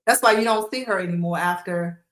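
A woman's voice: fairly low pitch, a little fast. A woman recounting reality show drama as a guest, animatedly acting out quotes. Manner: animated retelling with acted quotes. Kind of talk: casual interview storytelling. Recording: roomy echo.

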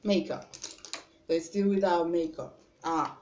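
A young woman with a Nigerian accent chatting through a makeup tutorial at home, self-conscious and often trailing off softly. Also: lowish voice, slow, long pauses. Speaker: beauty vlogger. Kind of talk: casual makeup tutorial chat. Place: room at home. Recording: roomy with faint background noise.

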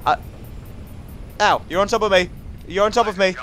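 A man's voice: high voice, normal speed, fairly bright tone, soft background music. A young English man giving jokey, chatty commentary over a video game, talking to the enemies on screen. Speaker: gaming commentator. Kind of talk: casual let's-play commentary.

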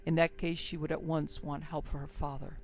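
A woman narrating a classic western story in a measured, even reading. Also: low voice, dull audio. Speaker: narrator and producer.

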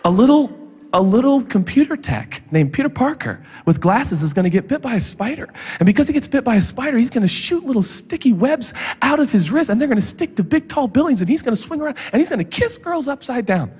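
A man preaching a sermon as a guest pastor, telling stories in an animated way with jokes and quick asides. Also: very high voice, slightly rough. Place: large church auditorium. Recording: long reverb of a big church hall.

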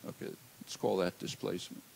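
An older man giving an academic lecture in a lecture hall, measured and halting, with many "uh" fillers. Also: darkish tone, a little hiss or hum. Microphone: handheld or lectern mic.

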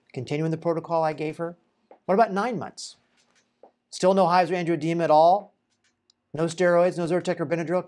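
A chiropractor talking through a patient's case in an informal, conversational way, asking rhetorical questions and pausing on fillers. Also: male voice, a little high, a little mellow. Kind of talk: informal educational talk to camera.

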